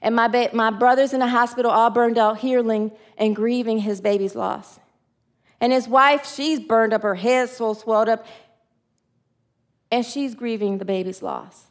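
A woman giving a personal testimony sermon, emotional, swinging from excited high lines to hushed low ones, and preaching to her listeners. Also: normal speed. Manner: preachy, asks audience to answer. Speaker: spiritual speaker.

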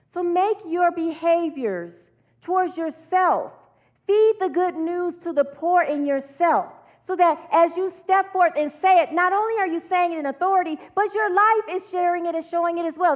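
A middle-aged woman minister preaching earnestly and leading her congregation in repeated spoken affirmations. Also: very high voice. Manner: earnest, leads the congregation in call-and-response.

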